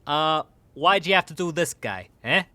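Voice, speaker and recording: A man's voice: on the high side, lively intonation, moderate pace, sharp tone, dry recording. A man voicing a tough male gangster with a put-on Boston accent and old-school mobster bluster. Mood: mock-sweet. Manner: threatening in a jokey tough-guy way.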